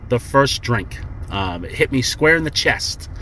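A man's voice: mid-range voice, lively intonation, unhurried, fairly bright tone. A man calling in to a podcast, telling a rambling comic story full of swearing and "he goes". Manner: profane, rambling, lots of "he goes" retelling. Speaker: caller leaving a message for a podcast. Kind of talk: casual comedic storytelling.

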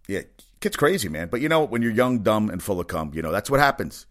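Middle-aged male sports podcast host, somewhat low voice, rambling profane rants. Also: sing-song, brisk. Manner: rambling, profane, riled-up ranting. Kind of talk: casual sports talk monologue.

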